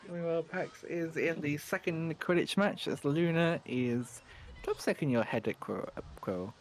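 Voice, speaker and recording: A man's voice: fairly high pitch, moderate pace, a little hiss or hum. A man commentating on a speedrun tournament in casual, joking banter, swearing freely.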